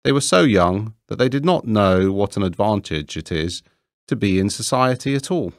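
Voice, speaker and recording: A man reading a classic fairy tale aloud, slow, deliberate and expressive. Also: lowish voice, no room sound, studio quality. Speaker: reader. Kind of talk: storybook narration.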